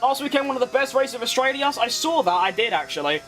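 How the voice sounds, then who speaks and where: A man giving excitable live commentary while playing a racing game, exclaiming at close moments. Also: very high voice, fast, slight background noise. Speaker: gaming streamer.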